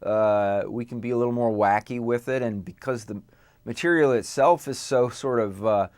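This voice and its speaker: Middle-aged male actor, interview guest, halting and self-correcting, crisp dry sound. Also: mid-range voice, a little mellow, no echo. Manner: halting, many fillers and restarts. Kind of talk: casual interview chat.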